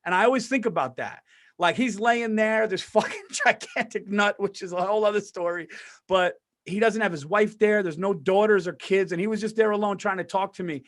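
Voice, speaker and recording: A man co-hosting a podcast and telling a story in casual talk, animated and profane, swearing oaths and acting out the people in it. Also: high-pitched, fairly quick. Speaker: podcast co-host.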